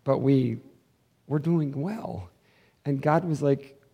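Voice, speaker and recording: A man preaching a sermon as pastor, swinging between hushed, intimate passages and loud, fervent ones. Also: medium pitch, slow, breathy edge.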